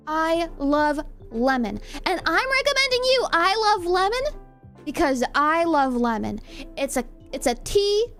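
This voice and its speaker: A young woman with a Californian accent, chatting casually with her live viewers, giggly and self-deprecating. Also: sits high. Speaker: streamer. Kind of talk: casual chat reading live comments.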